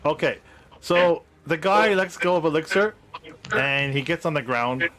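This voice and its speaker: A man's voice: on the high side, a little slow, a bit bright, a little hiss or hum. A man acting as game master over a video call, casually describing scenes and explaining rules to young players with plenty of fillers.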